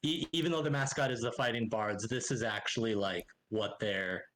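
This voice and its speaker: A man narrating as game master in a casual tabletop game, halting and full of fillers. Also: mid-range voice, a bit bright.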